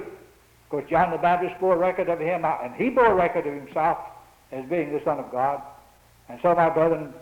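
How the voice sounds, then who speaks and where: A man preaches in a high voice, swelling into emphatic peaks and repeating key phrases. The sound is dull and lo-fi, with plenty of room echo around him, like an old church tape. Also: moderate pace. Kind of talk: sermon. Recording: muffled roomy old church recording.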